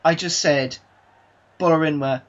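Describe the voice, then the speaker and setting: Excitable man commentating his own game. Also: a little high, measured pace. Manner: excitable, exasperated, swings between disbelief and calm team talk. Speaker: gaming YouTuber. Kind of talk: live commentary over a football video game. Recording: slightly dull lo-fi mic.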